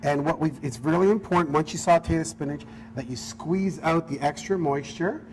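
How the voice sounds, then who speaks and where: A man's voice: fairly high pitch, moderate pace, a little mellow, slight background noise. A man who is a chef, talking through a cooking demonstration in an upbeat, easygoing way. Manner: upbeat, easygoing, apologetic when teased. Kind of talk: cooking demo chat.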